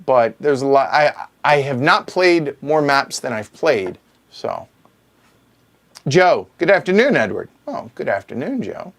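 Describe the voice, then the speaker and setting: A man's voice: mid-range voice, very animated, measured pace, a bit bright. A man hosting a livestream Q&A, reading viewer questions from the chat aloud and answering them with joking asides. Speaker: board game show host. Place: home streaming room.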